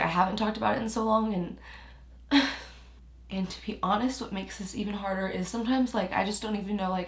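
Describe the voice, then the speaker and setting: A woman's voice: medium pitch, echoey room. A young woman vlogging about her feelings, close to tears, rambling with lots of fillers. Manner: rambling, heavy use of "like", emotional. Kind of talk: emotional personal vlog talk.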